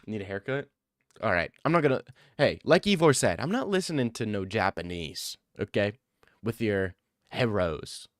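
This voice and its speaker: A man's voice: fairly low pitch, expressive, moderate pace, no echo, clean studio sound. A young man streaming live, answering his chat with defensive, joking replies and a lot of "bro.". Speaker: livestreamer reading chat. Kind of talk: casual livestream chat.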